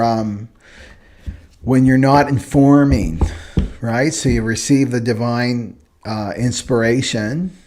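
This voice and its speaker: A man's voice: mid-range voice, a little mellow. A man giving a casual, rambling spoken lesson on personality types, earnest and often checking in with "right?". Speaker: astrology and human design teacher. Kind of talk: casual spoken teaching monologue.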